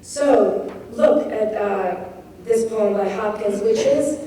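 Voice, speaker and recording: A woman poet giving a craft talk on rhythm, thoughtful and demonstrative, reading verse slowly and expressively. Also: medium pitch, mellow. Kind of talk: lecture on poetic rhythm. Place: lecture hall at a poetry festival. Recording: echoey hall taped from far off with faint hiss.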